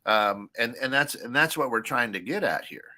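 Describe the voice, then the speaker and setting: A man's voice: mid-range voice, expressive, moderate pace, sharp tone. A man co-hosting an internet radio talk show in casual chat, rambling and thinking aloud as he goes.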